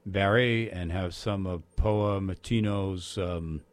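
A man's voice: low voice, steady tone, takes it slowly. A man co-hosting a radio show, chatting casually and announcing plans to listeners. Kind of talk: casual on-air chat.

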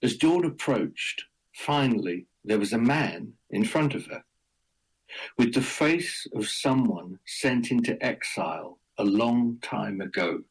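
A man telling a folk tale aloud in a measured, deliberate storytelling manner. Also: mid-range voice, animated, creaky, breathy edge, low-quality recording. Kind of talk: oral storytelling.

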